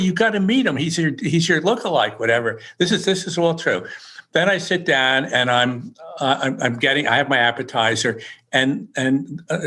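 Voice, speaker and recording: An older man tells anecdotes in a loose, rambling way, often restarting his sentences and chuckling along with his own stories. His voice sits in an ordinary middle pitch for a man. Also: sharp tone. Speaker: author guest. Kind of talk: casual anecdotal storytelling.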